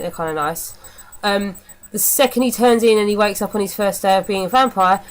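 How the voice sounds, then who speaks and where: A woman's voice: mid-range voice, poor audio. A young woman giving a casual, mocking film review, blunt and rambling, swearing freely.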